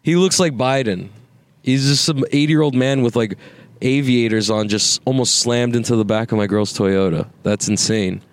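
A man's voice: medium pitch, normal speed, no echo. A young man in his twenties hosting a casual podcast while riding in a car, rambling, swearing and laughing as he talks. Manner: rambling, profane, laughs often. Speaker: podcast host. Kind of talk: casual chat. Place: inside a moving car. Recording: faint road noise in a car.

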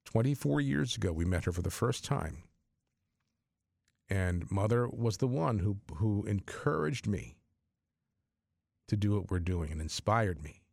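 A man hosting a Catholic radio show, making an earnest, excitable on-air fundraising appeal with frequent restarts. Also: lowish voice, unhurried, creaky, long pauses, dry recording, clean studio sound.

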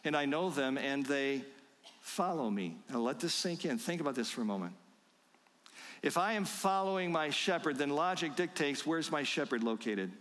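Slow, emphatic preacher in a reverberant hall. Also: male voice, on the high side, fairly bright tone. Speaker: pastor. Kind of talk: sermon.

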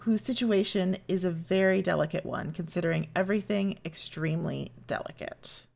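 Edmund, a woman doing a prim gentleman. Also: on the low side, vocal fry. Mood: disapproving. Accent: put-on British. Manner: formal, measured reading. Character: stiff, proper young gentleman, disapproving.

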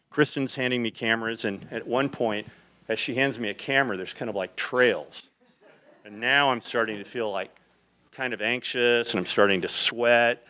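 An older man, a photographer, telling lively rambling anecdotes to a live audience, slipping into acted quotes. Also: medium pitch.

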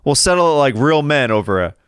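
A man's voice: mid-range voice, sing-song, fast, fairly bright tone, smooth, dry recording, studio quality. A man hosting a casual comedy podcast, rambling and joking and laughing often. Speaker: podcast host.

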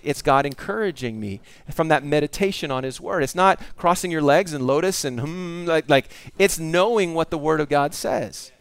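A man's voice: on the high side, a bit bright, smooth, no room sound. A man preaching a conversational sermon, reading scripture aloud and adding casual asides. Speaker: pastor.

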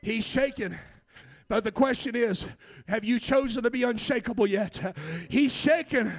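A male pastor preaching a sermon, emphatic, with frequent "uh" between phrases, rising to shouts at climaxes. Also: very high-pitched, moderate pace.

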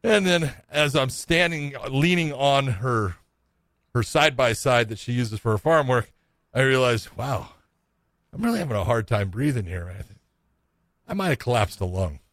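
A man's voice: medium pitch, animated, normal speed, a bit bright, no room sound. Rambling middle-aged man telling a story. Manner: rambling, profane, self-mocking. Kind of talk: casual storytelling.

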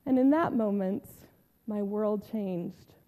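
A woman pastor playing a grieving, devoted woman disciple in a first-person sermon retelling, telling it heartfelt with long pauses and soft drops. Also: medium pitch, big-room sound, natural voice. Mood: awed.

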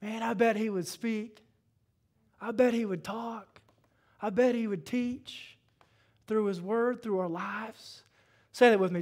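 A man preaching a sermon in a casual, conversational way. He asks the congregation questions and swings from hushed prayer to loud exhortation. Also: sits high, unhurried. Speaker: pastor.

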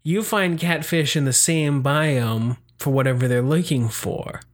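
A man in a casual comedy podcast chat, trading conspiratorial jokes with a deadpan delivery. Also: fairly high pitch, measured pace.

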